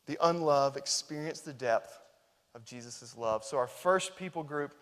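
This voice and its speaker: A man preaching a sermon, swinging between loud, emphatic stretches and hushed, tender ones. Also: medium pitch, a little slow. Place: church sanctuary. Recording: reverberant church hall.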